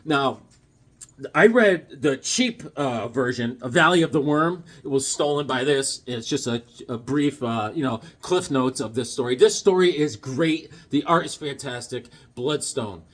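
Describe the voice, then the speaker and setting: Goofy middle-aged guy rambling bout his comics, husky voice, swoops up n down a lot. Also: mid-range voice. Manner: goofy, joking, animated, acts out quick bits. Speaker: comic collector vlogger. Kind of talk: rambling casual vlog with jokes.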